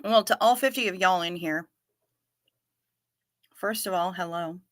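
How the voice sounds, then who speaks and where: A woman's voice: fairly low pitch, measured pace, dry recording. A woman hosting a casual livestream, chatting and reading out viewer comments as she answers them. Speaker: livestream host.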